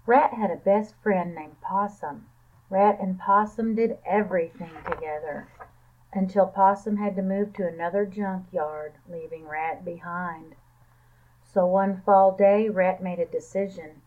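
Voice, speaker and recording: Slow-reading woman librarian on a tinny line. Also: mid-range voice, steady tone. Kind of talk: reading a picture book aloud. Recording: tinny phone-like sound.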